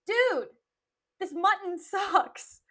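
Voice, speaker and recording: A woman's voice: a little high, moderate pace, lightly acted. A woman doing a blustering hot-tempered nobleman. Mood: blustery. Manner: casual modern slang, yelling then sugary.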